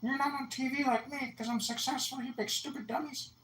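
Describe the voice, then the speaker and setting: A man putting on a shrill, sassy voice of a man playing a taunting TV diva, in a roomy echo. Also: steady tone, a little fast, fairly bright tone, slight background noise. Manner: mocking squeal.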